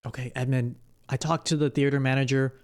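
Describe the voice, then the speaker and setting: A man's voice: medium pitch, steady tone, a little fast, darkish tone. A man streaming live, talking casually in improvised role-play with frequent stammering restarts.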